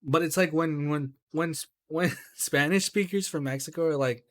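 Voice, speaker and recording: On a casual podcast he co-hosts, a man with a slightly high voice speaks at a moderate pace but with real heat. He's animated and profane, repeatedly saying "right?" and "bro."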